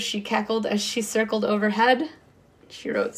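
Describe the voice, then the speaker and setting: A woman's voice: mid-range voice, moderate pace. Woman reading a picture book to kids. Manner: expressive storytime reading with voices. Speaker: kindergarten teacher.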